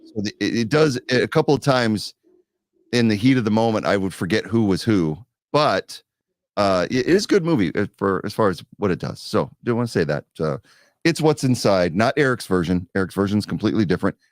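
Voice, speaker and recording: Lively low-voiced man, chatty podcast co-host. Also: brisk, no room sound, clean studio sound. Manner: animated, laughs easily. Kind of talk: casual chat.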